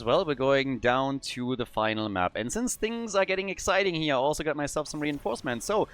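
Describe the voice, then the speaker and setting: A man casting a live esports match, calling the plays fast and getting excited at big moments. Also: on the high side, dry recording. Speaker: esports caster. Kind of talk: live game commentary.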